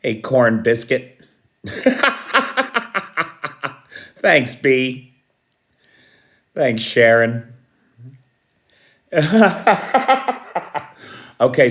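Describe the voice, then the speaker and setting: Slow-talking man hosting a live stream. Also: medium pitch. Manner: chatty, greets viewers by name, chuckles at own jokes. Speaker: livestream host. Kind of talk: casual live chat. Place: Kyiv.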